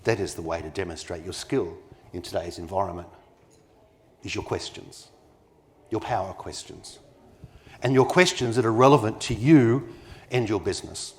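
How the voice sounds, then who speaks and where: A man's voice: on the low side, normal speed, pauses often. A man gives a live conference talk as keynote speaker, delivering each point with emphasis and constantly checking in with his audience through rhetorical questions. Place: conference venue.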